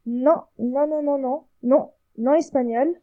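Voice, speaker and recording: A man's voice: very high-pitched, a little slow, highs cut off, voice pushed up. A man voicing a curt female French hospital clerk who keeps refusing. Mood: dismissive. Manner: flat refusals, repeated.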